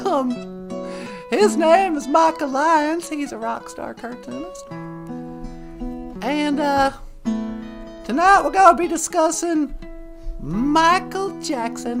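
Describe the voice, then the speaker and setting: A woman's voice: high voice, lively intonation, music in the background. A woman from Minnesota co-hosting a casual live-stream podcast, playful and giggly. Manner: playful and giggly, drawn-out words. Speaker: podcast co-host.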